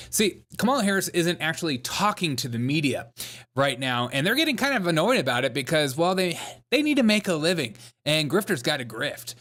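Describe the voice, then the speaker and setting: A high, very bright male voice. He hosts a comedy commentary show and keeps a mocking, jokey tone, laughing as he goes.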